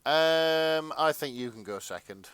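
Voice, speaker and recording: A man's voice: on the high side, expressive, a little slow, fairly bright tone, clear, resonant tone, dry recording. A man co-hosting a comedy podcast with short, dry quips. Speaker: podcast co-host. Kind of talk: casual comedic chat.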